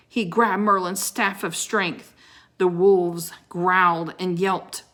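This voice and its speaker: Slow, expressive woman reading a children's book. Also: fairly low pitch. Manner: dramatic, pausing to show pictures. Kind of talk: expressive read-aloud storytelling.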